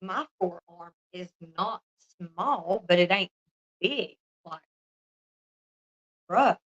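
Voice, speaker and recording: A woman's voice: fairly low pitch, expressive, very slow, a bit bright, no echo, highs cut off. A woman chatting casually on a livestream, laughing often and swearing freely as she talks to her viewers.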